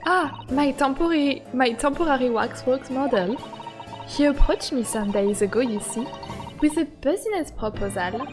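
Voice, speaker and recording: A woman voicing a macabre older female waxworks artisan in a put-on French accent, hushed and measured. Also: sits high, over music, close to an everyday voice. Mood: sinister.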